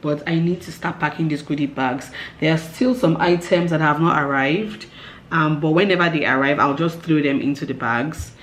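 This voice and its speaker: A woman's voice: low voice, moderate pace, a little hiss or hum. A woman in her thirties talking casually to camera as a vlogger, chatty and upbeat, with frequent um fillers. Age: 30s. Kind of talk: casual vlog chat to camera.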